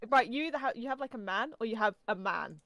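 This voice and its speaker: A woman's voice: a little high, expressive, a bit bright, dry recording. Chatty young Englishwoman, dry close sound. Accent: English, softened Norfolk. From England. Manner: chatty, lots of "like", quick to laugh. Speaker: podcast co-host. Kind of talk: casual podcast chat.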